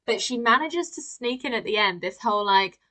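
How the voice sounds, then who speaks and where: A woman's voice: on the high side, expressive, a little fast, pushed and bright, poor audio. Wry woman hosting a podcast. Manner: wry, dryly critical. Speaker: podcast host. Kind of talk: casual chat.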